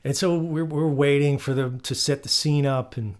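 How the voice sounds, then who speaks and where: A man hosting his guitar channel, telling stories in a relaxed, rambling way with many fillers. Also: fairly high pitch, normal speed. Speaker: guitarist host. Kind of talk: casual storytelling.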